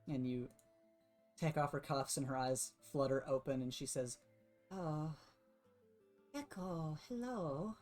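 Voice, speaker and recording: A woman game master narrating a superhero tabletop game in a relaxed, plain way. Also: very deep voice, normal speed, soft background music.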